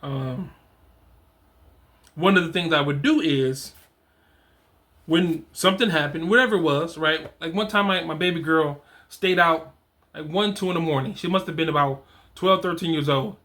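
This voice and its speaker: A middle-aged man with an animated, conversational way of talking who hosts a show on fatherhood, reading from his program and often restarting his phrases. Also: a little high, moderate pace, long pauses. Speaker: fatherhood coach and host. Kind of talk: casual solo talk reading from a program.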